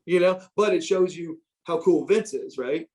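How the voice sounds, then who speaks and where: Middle-aged male guest, higher-pitched voice, swears freely and restarts often while telling stories. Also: a little slow. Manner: animated, profane, frequent restarts. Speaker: interview guest. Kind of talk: casual storytelling.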